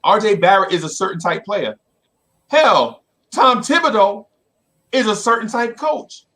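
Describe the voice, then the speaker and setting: A man hosting casual sports talk, telling a story in an animated way and checking in with "right?" again and again. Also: high voice, a little slow. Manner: animated, keeps repeating "right?".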